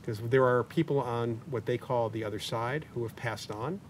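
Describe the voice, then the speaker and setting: A man in his sixties, a paranormal investigator guest in an interview, talking in a chatty, anecdotal way with joking asides. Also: normal speed. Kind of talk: interview conversation. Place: community media studio. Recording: distant mic with faint rumble.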